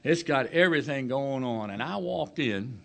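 A man preaching a sermon, slow and emphatic, rising to loud declarations and dropping to hushed phrases. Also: mid-range voice, lively intonation, creaky.

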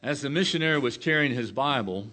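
Delivering a sermon at medium pitch, this animated man speaks slowly and with emphasis. His voice swells into loud proclamations before sinking into quiet, hushed lines.

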